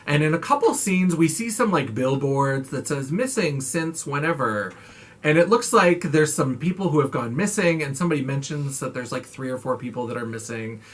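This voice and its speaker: A man recapping a horror movie in a casual, animated way, swearing freely and acting out lines from the film. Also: mid-range voice.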